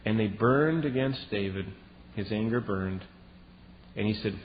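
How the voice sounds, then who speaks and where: A man preaching a sermon as a Bible teacher, telling the story in a lively way and acting out the lines he quotes. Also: on the low side, moderate pace. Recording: dull lo-fi recording with long reverb and faint hiss.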